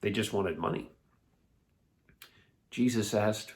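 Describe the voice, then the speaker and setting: A man leading children's church, telling a Bible story in a playful, animated way. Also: medium pitch, unhurried. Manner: animated, playful, laughs often.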